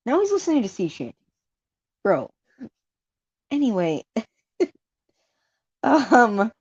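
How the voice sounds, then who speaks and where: A woman's voice: fairly high pitch, big pitch swings, slow pace, darkish tone, breathy edge, no echo. A woman hosting a casual ranting monologue at home, rambling and tossing out sarcastic jokey asides while laughing at her own jokes. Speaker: vlog host. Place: home room. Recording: dull dry lo-fi recording.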